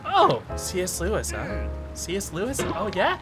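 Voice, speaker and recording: A young man commenting on his gameplay, exasperated and raging, shouting "dude" and swinging between muttering and yelling. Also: high voice, huge pitch swings, normal speed, soft background music. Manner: exasperated, keeps saying "dude", shouting in rage. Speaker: gaming YouTuber.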